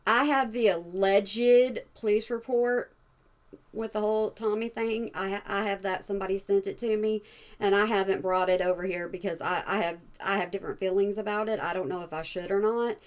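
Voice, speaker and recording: A woman's voice: medium pitch, fairly even intonation, moderate pace. A woman hosting a reaction channel, talking back to a clip in a blunt, exasperated way. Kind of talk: reaction commentary.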